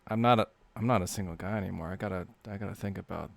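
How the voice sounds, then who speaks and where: A man's voice: deep voice, very fast, vocal fry, crowd noise. A man hosting a casual group voice chat, talking in a stammering way and repeating his words. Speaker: voice chat host.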